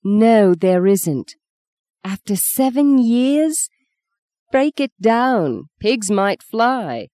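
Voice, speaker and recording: An audiobook reader voicing a fiery young woman who is sharp-tongued and teasing, with a spirited, emphatic manner. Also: mid-range voice, sing-song, very slow, no echo, clean studio sound, pitched above the performer's own voice. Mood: scolding. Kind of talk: audiobook reading.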